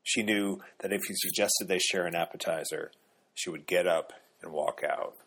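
Deep, husky male audiobook narrator. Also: normal speed, a bit bright. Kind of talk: scripted narration.

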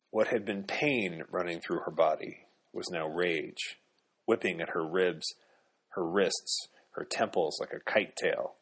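A male audiobook narrator reading a novel in a measured, even way. His voice is very low and husky. He keeps a steady storytelling manner throughout. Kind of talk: scripted narration.

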